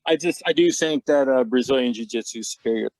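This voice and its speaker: A man's voice: medium pitch, fast talker, a little mellow, dry recording. A middle-aged man talking frankly and casually as a podcast guest, laughing at himself and swearing now and then. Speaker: podcast guest, martial artist.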